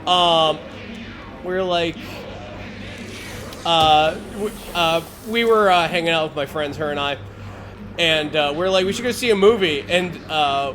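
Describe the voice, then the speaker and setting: Bright-voiced, animated man streamer. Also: a little high, a little hiss or hum. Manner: animated, profane, laughing often. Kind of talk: casual storytelling.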